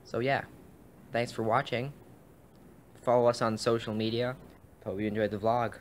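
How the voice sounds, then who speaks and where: A man's voice: mid-range voice, flat delivery, normal speed, slight background noise. A man hosting a casual vlog, upbeat and chatty, talking straight to his viewers. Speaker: vlog host.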